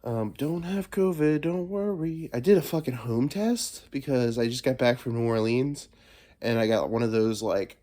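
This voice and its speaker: A man's voice: mid-range voice, moderate pace, warm tone. A man hosting a solo podcast, rambling playfully and swearing a lot, getting over a cold. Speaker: podcast host. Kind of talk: casual solo podcast monologue.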